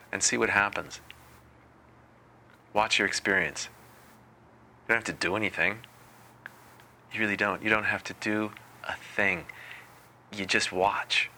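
A man giving a spiritual talk as a meditation teacher, unhurried and deliberate with a gently playful touch. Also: on the low side.

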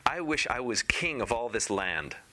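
A man's voice: mid-range voice, very animated, normal speed, pushed and bright. A man voicing a greedy, demanding fisherman's wife in a raised, imperious voice while reading a fairy tale aloud.

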